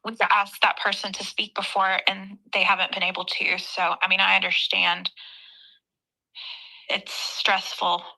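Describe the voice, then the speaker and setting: A woman's voice: medium pitch, completely flat delivery, measured pace, vocal fry, bright, forceful tone, low-quality recording. A woman co-hosting a casual live stream chat, talking in an opinionated, chatty way that trails off.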